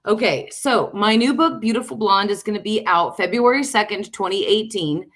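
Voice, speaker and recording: A middle-aged American woman hosting a casual live stream at home, an excitable author chatting about her books. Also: moderate pace, few pauses. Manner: chatty and excitable, breaking off to call her dog in a high coaxing voice. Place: room at home.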